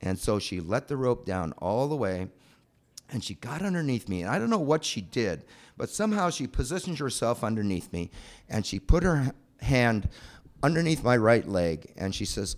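Lively man telling a personal story. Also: medium pitch, moderate pace. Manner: animated, breathless retelling. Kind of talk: personal anecdote told aloud.

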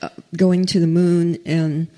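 A woman's voice: lowish voice, flat delivery, measured pace, dark tone. A woman telling a personal faith testimony in a casual storytelling way, earnestly acting out quoted dialogue.

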